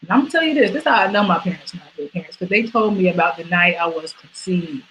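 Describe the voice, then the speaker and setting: Quick and expressive, a lilting young stand-up comedian streams her set from home in a bright, forward voice. High squeals give way to quiet mutters, and the poor audio picks up a faint room-noise hum.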